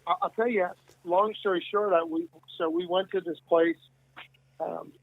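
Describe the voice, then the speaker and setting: A man's voice: high voice, fairly even intonation, normal speed, no room sound. A man, a guest musician, telling stories in a rambling, casual way and acting out the dialogue. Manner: rambling, many restarts and quoted dialogue. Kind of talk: casual storytelling interview. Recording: tinny phone-like line.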